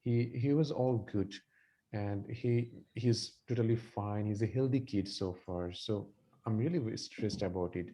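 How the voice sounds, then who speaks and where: A man's voice: fairly low pitch, unhurried, warm tone, close to an everyday voice. A man playing a worried father of a sick young son in a medical exam role-play, answering hesitantly. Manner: hesitant, concerned replies.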